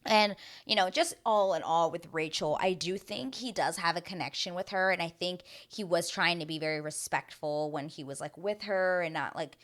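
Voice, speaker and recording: A woman's voice: lowish voice, moderate pace, hardly any pauses, a bit bright. A young woman chatting casually as she recaps a reality TV episode, rambling with lots of fillers.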